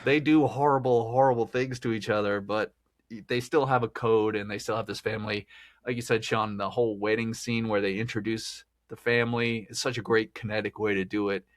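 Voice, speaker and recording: A man's voice: lowish voice, fairly even intonation, brisk. A man hosting a podcast, talking through a film in a rambling, chatty way and laughing often. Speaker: podcast host. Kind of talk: casual film discussion.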